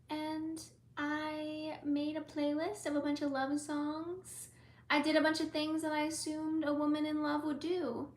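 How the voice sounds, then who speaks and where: Slow, high-voiced young woman, echoey room. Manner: dreamy, drifts into soft whispers. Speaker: live-stream tarot reader. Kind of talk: casual live-stream chat.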